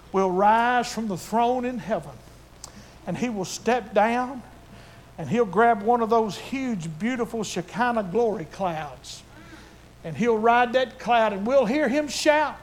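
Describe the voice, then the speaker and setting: Fervent older male preacher, high voice. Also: lively intonation, takes it slowly, a little hiss or hum. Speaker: pastor. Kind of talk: sermon.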